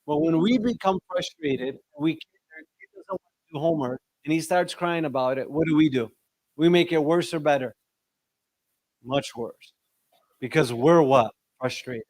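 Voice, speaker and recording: Fairly high-voiced man giving a lively religious talk. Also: dry recording. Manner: lively, asks the audience questions, shifts pitch sharply for emphasis. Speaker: discussion leader.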